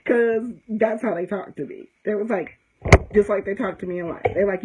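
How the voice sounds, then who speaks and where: A woman's voice: medium pitch, animated, normal speed, slight background noise, poor audio. A middle-aged woman from the United States, a conjure practitioner, giving blunt, profane, straight-talking advice in a casual teaching talk, often checking in with "okay?". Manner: emphatic storytelling with frequent "okay?".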